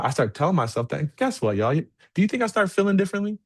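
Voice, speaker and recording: Give me an energetic man giving a candid motivational keynote to a live crowd. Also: sits high, a little fast. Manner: candid and energetic, often checks in with "okay?". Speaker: keynote speaker. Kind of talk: motivational conference talk. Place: event room with a live audience.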